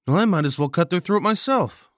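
A woman's voice: fairly low pitch, wildly swooping pitch, moderate pace, slightly rough, no echo, studio quality, pitched above the performer's own voice, exaggerated voice. A man voicing Nancy, a tough young woman survivor who talks bluntly and swears, in a horror audio story. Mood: blunt angry. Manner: blunt, swearing, then grieving.

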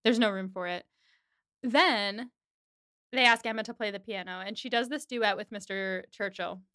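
Bright, crisp woman recapping casually. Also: medium pitch, normal speed, dry recording, studio quality. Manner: chatty retelling, heavy use of "like".

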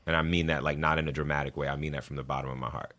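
Deep-voiced man, earnest and emphatic. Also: level tone, very fast, fairly bright tone. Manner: earnest, emphatic, repeats words for stress. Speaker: guest, actor and singer. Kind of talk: interview conversation.

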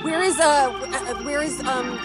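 A woman narrates her character's moves in a tabletop game, with hesitant phrasing and plenty of fillers. Her voice is high. Music plays in the background. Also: normal speed. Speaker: player.

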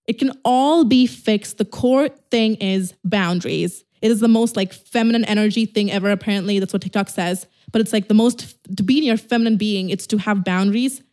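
A woman's voice: mid-range voice, a little mellow. A young woman whose first language is not English, hosting a casual solo podcast, blunt and swearing, acting out little dialogues. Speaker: podcast host.

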